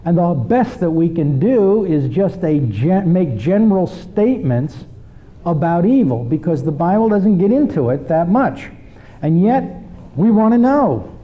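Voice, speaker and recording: A man teaching a church class in a measured, explanatory sermon style. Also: high voice, sing-song, highs cut off. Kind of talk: sermon lecture.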